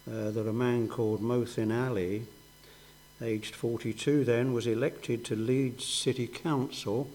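A man's voice: mid-range voice, a little mellow, low-quality recording. A man preaching a sermon, earnest, asking rhetorical questions and rising in emphasis.

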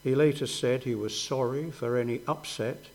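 A man's voice: mid-range voice, moderate pace, a little mellow, low-quality recording. Earnest man preaching. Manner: earnest, rhetorical questions with rising emphasis. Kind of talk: sermon.

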